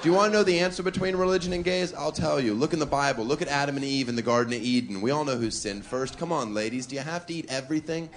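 Talking fast with few pauses, a medium-pitched comic rips through a brash, mocking stand-up routine on stage. The audience laughs throughout this live club recording, crowd noise included.

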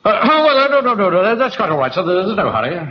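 An actor playing a self-important middle-aged captain who stammers hesitant excuses. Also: male voice, high voice, big pitch swings, fast. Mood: flustered. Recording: dull old TV audio, hiss and audience laughter.

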